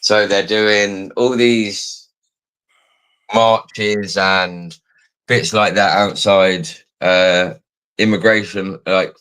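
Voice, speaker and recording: A man's voice: low-pitched, steady tone, very slow, fairly bright tone, clear, resonant tone, rough recording. Cockney man rambling casually. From England. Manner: rambling, repeats words while thinking. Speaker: streamer. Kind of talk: casual live-stream chat.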